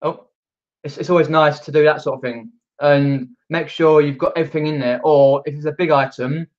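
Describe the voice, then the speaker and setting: A man's voice: on the high side, fairly even intonation, moderate pace, lo-fi sound. A man from just outside London with a Mockney accent, chatting casually on a live stream and reading out viewer comments, rambling with lots of fillers. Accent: Mockney, outer London. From England.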